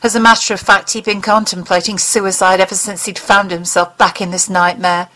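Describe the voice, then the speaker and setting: A woman narrating an audiobook in an expressive, dramatic reading style. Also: mid-range voice, a little fast, poor audio.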